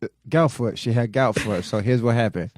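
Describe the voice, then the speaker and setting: A man's voice: mid-range voice, normal speed, darkish tone, no room sound. A man, co-hosting a comedy podcast, telling a story in a repetitive, exasperated, drawling way. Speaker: podcast co-host.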